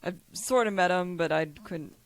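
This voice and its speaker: A woman's voice: fairly low pitch, normal speed, no room sound. A woman raised in Kentucky, hosting a podcast in a rambling, giggly chat. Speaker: podcast host. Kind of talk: casual chat.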